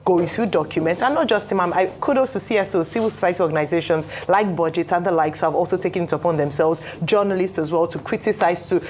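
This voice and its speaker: Emphatic Nigerian woman analyst, low voice. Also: a little mellow, a little hiss or hum. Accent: Nigerian English. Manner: measured, emphatic, with frequent "um" restarts. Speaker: news show panelist. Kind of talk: studio news analysis.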